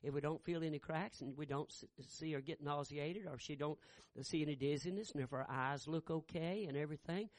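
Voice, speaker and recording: A middle-aged man preaching a sermon, telling a family story and building to loud shouted peaks. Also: fairly high pitch, brisk, no room sound, studio quality. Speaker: pastor.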